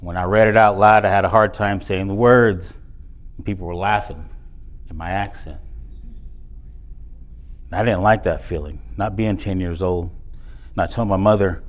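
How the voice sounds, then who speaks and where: A man's voice: deep voice, fairly even intonation, moderate pace, pauses often. A middle-aged man from South Texas, telling personal stories in a motivational speech, with punchy emphasis on key words. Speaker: motivational speaker. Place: event hall.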